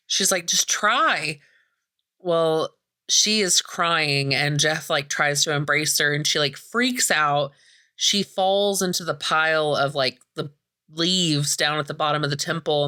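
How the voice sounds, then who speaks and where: A woman's voice: sits low, bright, forceful tone. A woman hosting a podcast, retelling a horror movie in casual chat, swearing freely and acting out the characters' lines. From American Midwest. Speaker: podcast host.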